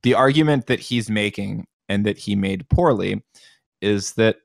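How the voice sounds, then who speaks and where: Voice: sits low, a little slow, vocal fry, no room sound, clean studio sound. A podcast guest in casual chat, arguing points in a wry way. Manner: argumentative, wry.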